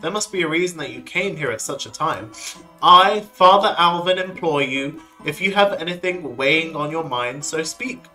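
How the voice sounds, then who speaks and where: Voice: medium pitch, normal speed, bright, forceful tone, soft background music, close to an everyday voice. A streamer voicing a kindly, formal priest from a video game, speaking in an earnest, imploring way.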